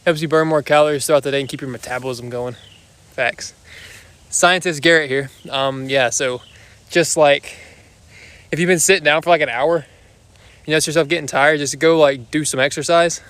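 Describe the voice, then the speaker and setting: Out in his backyard and still winded from a workout, a young man hosts a loose livestream on his phone, joking around with viewers. He speaks at a moderate pace in a slightly high, fairly even voice that's a bit bright, clear and resonant.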